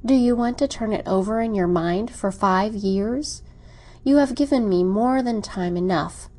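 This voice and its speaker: A woman's voice: mid-range voice, lively intonation, moderate pace, darkish tone, natural voice. Woman reading as an insistent young suitor. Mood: reasoning. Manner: insistent, reasoning. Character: ardent, persuasive young male suitor.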